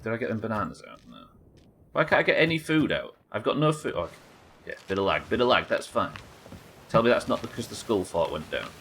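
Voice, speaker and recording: Low-voiced man streaming a game. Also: brisk, slight background noise. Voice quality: lively, swears casually, chatty asides. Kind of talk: live game commentary reading chat.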